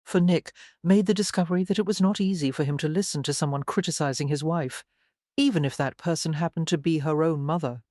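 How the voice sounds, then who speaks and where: A narrator reads a romance novel in an even, measured way. The recording is dry and close, with no room sound. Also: mid-range voice, dry recording. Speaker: audiobook narrator. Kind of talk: scripted narration.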